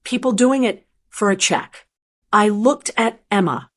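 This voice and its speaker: An older woman narrates a first-person family drama with calm, measured delivery. Her voice sits at a middle pitch and keeps the storytelling steady.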